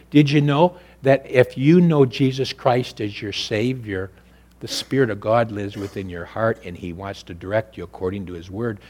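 A male pastor preaching a sermon, swinging between loud, raised preaching and quiet, low, intimate speech. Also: normal speed.

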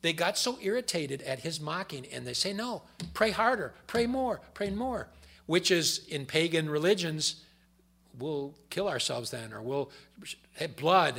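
A man preaching a sermon, reading scripture aloud with loud emphasis and dropping to quiet explanatory asides. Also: a little high, breathy edge.

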